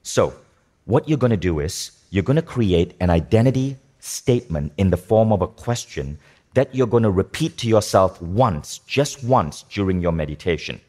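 A man giving a motivational talk to a live audience, energetic, asking the room questions and repeating key phrases. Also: sits low, normal speed. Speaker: speaker teaching a workshop.

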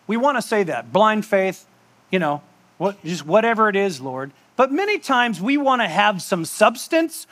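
Casting: a chatty preacher, high voice, jokey asides. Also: male voice, a bit bright. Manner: conversational, joking, with asides and laughs. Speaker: pastor. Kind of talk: sermon.

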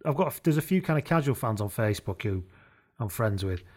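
A man's voice: on the low side, lively intonation, fast talker, darkish tone. A man co-hosting a podcast, chatty and joking, laughing often as he talks sport. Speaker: podcast co-host. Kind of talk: casual sports chat.

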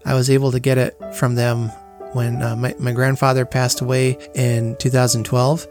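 A man's voice: mid-range voice, flat delivery, normal speed, soft background music. A man hosting a podcast, speaking in an earnest, reflective way as he tells family stories in a casual monologue. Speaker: podcast host.

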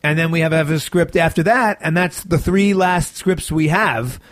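Tired, chatty man with a high-ish voice. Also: moderate pace, no echo. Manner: animated, chatty storyteller. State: tired, yawning. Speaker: actor and sitcom co-creator. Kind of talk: casual interview talk.

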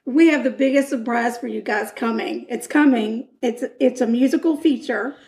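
A woman's voice: a little high, moderate pace, darkish tone. A woman co-hosting a podcast in casual, teasing banter. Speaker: podcast co-host. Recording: echoey room.

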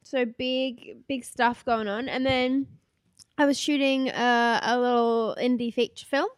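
Bubbly high-voiced woman. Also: steady tone, measured pace, no room sound, clean studio sound. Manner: bubbly, laughing, swears freely. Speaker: podcast co-host. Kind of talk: casual chat.

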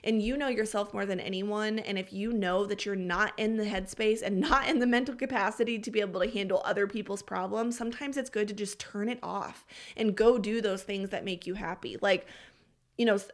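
Speaking briskly at medium pitch, this faith-based podcast host shares earnest, heartfelt, confessional thoughts while near tears. She addresses listeners as y'all and friend.

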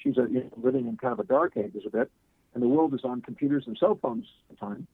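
A man's voice: on the high side, quick pace, gravelly, breathy edge, narrow, tinny audio. Storytelling man guest on a radio show. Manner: animated anecdote teller, acts out quoted voices. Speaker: guest speaker.

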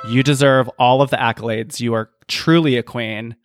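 A young man co-hosting a podcast in casual chat, playful and theatrical with drawn-out emphasis. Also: mid-range voice, steady tone, soft background music. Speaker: podcast co-host.

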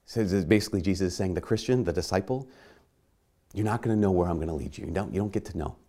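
A man preaches a sermon in a conversational, self-mocking way, acting out little dialogues with quoted voices. His voice sits low and sounds warm, and he talks fast.

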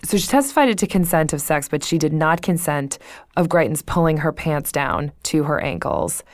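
A woman's voice: low-pitched, animated, moderate pace, dry recording, clean studio sound. A young adult woman co-hosting a podcast in casual chat, blunt and profane, retelling a story with plenty of laughter. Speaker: podcast co-host.

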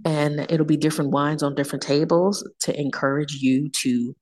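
A woman with a notably low voice chats on a podcast. She is animated and slangy, and she acts out quoted people as she tells her stories. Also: normal speed. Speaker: wine tour guest. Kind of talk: casual podcast chat.

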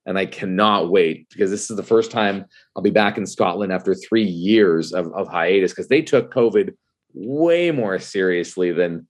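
A man in casual podcast chat, animated and laughing often, who calls people "dude". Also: deep voice, moderate pace. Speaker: whiskey content creator and spirits judge.

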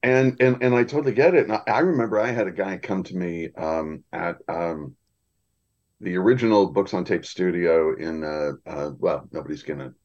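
A man, an audiobook narrator, telling lively anecdotes in a podcast conversation. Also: low-pitched, moderate pace, lo-fi sound. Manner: animated anecdotes with acted quotes. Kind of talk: storytelling in a podcast chat.

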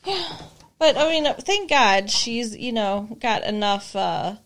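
A woman's voice: on the high side, expressive, slow pace, fairly bright tone. A woman co-hosting a podcast, chatting casually and wryly about a TV episode. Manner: conversational, wry, lots of fillers. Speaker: podcast co-host. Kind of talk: casual chat recapping a TV episode.

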